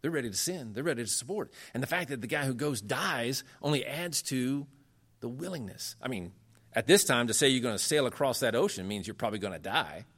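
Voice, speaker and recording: A man's voice: lively intonation, brisk, a bit bright. Earnest male lecturer, emphatic delivery. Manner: earnest, emphatic, rising in pitch when making points; conversational with frequent fillers. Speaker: lecturer on church history.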